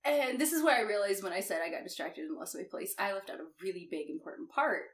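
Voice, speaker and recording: A woman recapping a novel in casual podcast chat, animated, swearing and laughing often. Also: medium pitch, fast talker. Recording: roomy echo, distant mic.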